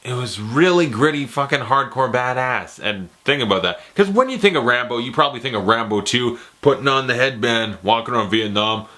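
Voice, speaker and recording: A young man giving casual, animated, profane commentary while ranking movies, often slipping into impressions. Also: medium pitch, fairly quick, hardly any pauses. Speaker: movie reviewer.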